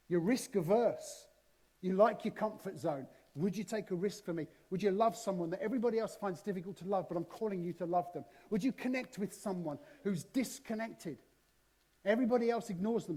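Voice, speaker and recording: Animated high-voiced preacher. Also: male voice. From southern England. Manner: animated storytelling, shifting loud and soft. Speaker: guest preacher. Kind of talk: sermon. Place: church.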